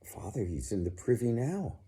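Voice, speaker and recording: A man's voice: lowish voice, very animated, moderate pace, dark tone, voice pushed up. A man voicing an insistent, indignant young noblewoman in a told story.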